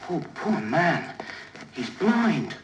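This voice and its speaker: A man's voice: on the high side, big pitch swings, drawn-out words, muffled recording, noisy background, full character voice. An actor playing an earnest young boy, the innkeeper's son, on a vintage children's story record. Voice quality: eager, polite. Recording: echoey vintage vinyl with music behind.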